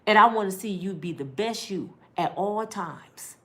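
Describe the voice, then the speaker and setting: A middle-aged woman vlogger giving heartfelt life advice in an animated, preachy big-sister way. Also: mid-range voice, unhurried.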